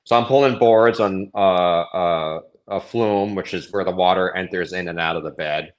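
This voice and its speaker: A man's voice: deep voice, normal speed. A man, a cranberry grower, talking as a guest in a casual interview, telling things in a rambling, hesitant way.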